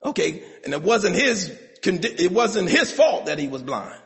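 A middle-aged male pastor preaching a sermon, building to shouted, rhythmic call-and-response passages. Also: sits high, very animated, normal speed. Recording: long hall reverb.

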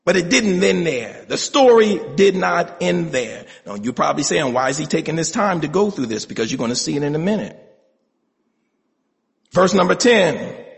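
A middle-aged male pastor preaching a sermon, building to shouted, rhythmic call-and-response passages. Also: fairly high pitch, animated, normal speed, gravelly. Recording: long hall reverb.

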